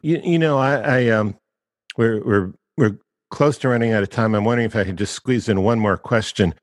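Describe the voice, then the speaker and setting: A man's voice: on the low side, fairly quick. A man interviewing a guest, encouraging and stumbling a little as he starts his questions. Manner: encouraging, slight stammer on starts.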